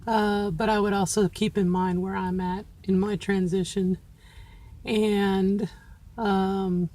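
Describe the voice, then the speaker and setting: Middle-aged woman in a candid vlog. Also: darkish tone. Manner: working on a trained feminine voice, pitching it with care; candid and self-encouraging, talking straight to viewers. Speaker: vlogger. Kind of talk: casual reflective monologue.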